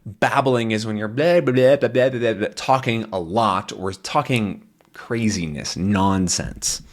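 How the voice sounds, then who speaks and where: A man's voice: on the low side, measured pace. A man teaching English to learners by reading a comic aloud and explaining its words in plain language.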